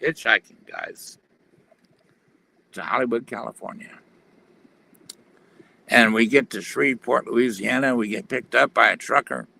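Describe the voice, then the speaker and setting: A man's voice: medium pitch, a little slow, pauses often, sharp tone. A man telling his personal testimony in an earnest, plain-spoken way on a video call. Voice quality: gravelly.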